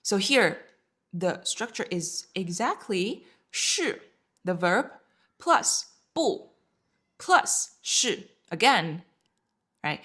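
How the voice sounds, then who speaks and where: A woman's voice: lowish voice, sing-song, fairly bright tone, slightly rough. A woman teaching a beginner Chinese class, patiently repeating each word and checking in with her learners. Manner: patient, repeats words slowly. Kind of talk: language lesson.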